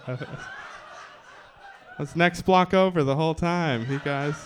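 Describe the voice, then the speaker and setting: A man's voice: fairly high pitch, a little slow. A man performing stand-up comedy on a club stage with a handheld mic, wry and self-mocking, with punchy timing.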